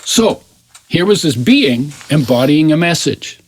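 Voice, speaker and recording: A man in his eighties, an interview guest, telling a personal story in an animated way and often restarting his phrases. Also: on the high side, measured pace, husky. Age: 80s.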